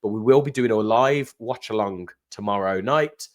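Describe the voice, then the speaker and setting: A man's voice: lowish voice, normal speed. An English man co-hosting a football fan channel, upbeat and jokey in casual chat.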